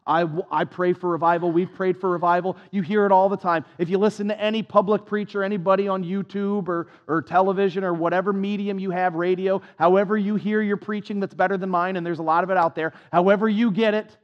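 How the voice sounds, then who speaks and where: A man's voice: high-pitched, steady tone, fast talker, few pauses, in a large hall. A man preaching a sermon as pastor, impassioned and repetitive, with a self-deprecating touch, on a dull lo-fi recording.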